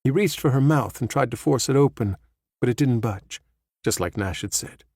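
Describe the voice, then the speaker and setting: In a measured, even storytelling style, a man reads a scripted thriller audiobook. His pitch is medium, and the sound is clean studio audio with no room sound.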